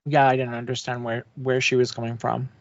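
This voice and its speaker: A man's voice: mid-range voice, level tone, brisk, dry recording. A man co-hosting a podcast, mostly giving short, dry, agreeing replies. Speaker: podcast co-host. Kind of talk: casual chat. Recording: dull lo-fi dry podcast audio.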